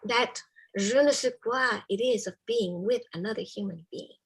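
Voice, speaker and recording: A woman telling a personal story to a live audience in a soft, measured way, often dropping to a hushed whisper. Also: a little high, breathy edge, poor audio. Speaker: storyteller, spiritual care volunteer with a therapy dog.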